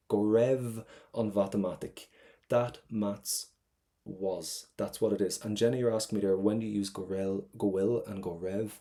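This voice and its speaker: A man's voice: fairly low pitch, dark tone. A young Irish man teaching an online exam prep class, upbeat and playful, explaining step by step.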